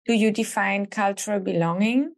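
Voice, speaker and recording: A woman's voice: mid-range voice, moderate pace. A woman hosting an interview, asking questions and giving brief backchannel replies. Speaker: podcast host.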